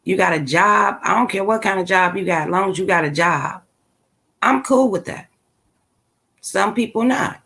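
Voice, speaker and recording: A woman's voice: medium pitch, moderate pace, vocal fry, a bit bright. A woman hosting her own channel, chatting casually with her live viewers in a blunt, opinionated and sassy way, full of slang. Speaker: channel host. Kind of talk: casual commentary to a live chat.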